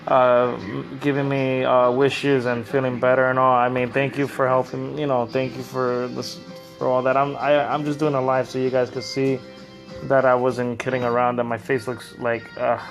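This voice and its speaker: A man on a live stream, rambling and halting, in pain after oral surgery with a swollen cheek, talking from bed into a phone. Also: mid-range voice, little pitch movement, faint music behind. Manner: rambling, halting, repeats words. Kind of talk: casual live-stream chat. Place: lying in bed at home. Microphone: phone camera.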